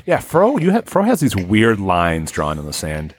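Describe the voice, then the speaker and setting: A man with a lowish voice co-hosting a podcast, trading dry jokes. The sound is close and dry, with no room behind it. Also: huge pitch swings, moderate pace, breathy edge, no room sound. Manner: wry, joking, rambling. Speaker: podcast co-host. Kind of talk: casual podcast chat.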